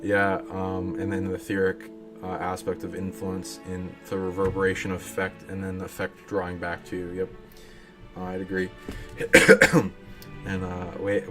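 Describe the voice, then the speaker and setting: Man, deep voice, monotone, rambling, fillers, game music behind. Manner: rambling, many fillers and restarts. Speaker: streamer. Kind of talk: casual live-stream chat.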